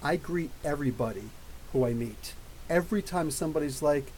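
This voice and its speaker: Animated middle-aged man ranting. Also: a little high, brisk, a little hiss or hum, poor audio. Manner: animated, profane, mocking ranting. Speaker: podcast host. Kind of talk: live Q&A rant.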